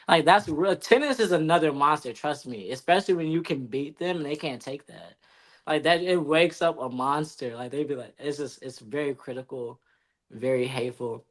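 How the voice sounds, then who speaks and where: A woman's voice: low-pitched, brisk. A woman on a podcast panel talking frankly and laughing as she shares experiences. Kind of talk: casual chat.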